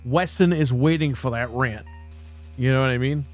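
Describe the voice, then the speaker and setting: A man's voice: mid-range voice, moderate pace, faint music behind. A man hosting a casual livestream show, ranting bluntly and mockingly with plenty of swearing. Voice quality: profane, blunt. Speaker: podcast host.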